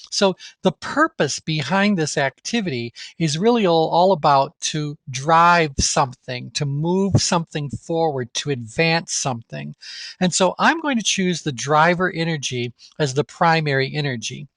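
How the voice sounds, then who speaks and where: A man with a slightly higher voice leads a live online training class. He talks casually, thinks out loud and throws questions to his students, recorded close and dry with no room sound. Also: animated, normal speed, no room sound. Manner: conversational, thinks aloud with restarts, asks the class questions. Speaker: course instructor.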